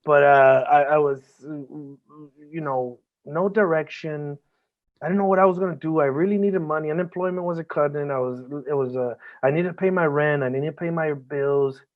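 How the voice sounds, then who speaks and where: Man, podcast guest, earnest, profane, halting restarts, fairly high voice, thin phone-like sound. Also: fairly even intonation. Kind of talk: emotional podcast conversation. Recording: band-limited phone-like audio.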